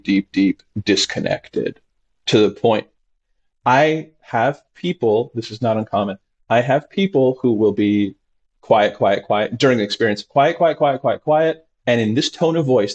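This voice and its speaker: A man, a doctor as interview guest, talking expressively and acting out his patients' voices with big jumps in pitch. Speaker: integrative medicine doctor, guest. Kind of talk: animated conversational interview.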